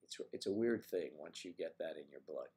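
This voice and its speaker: A low-pitched older man chats casually on a live stream and answers viewers one by one. He clears his throat a lot and restarts his sentences. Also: expressive, mellow. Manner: chatty, halting, frequent throat-clearing.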